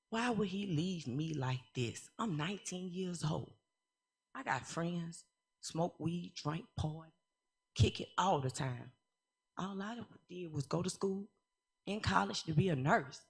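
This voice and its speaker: A woman in her thirties giving a personal testimony at church, candid and humorous, moving from quiet reflection to loud, animated stretches. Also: low-pitched, takes it slowly, creaky, husky.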